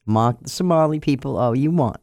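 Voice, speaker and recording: A man co-hosting a radio morning show, playful and quick in the banter, reading listener texts. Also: medium pitch, a little mellow, no echo, studio quality. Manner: playful, quick to apologize and laugh. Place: radio studio.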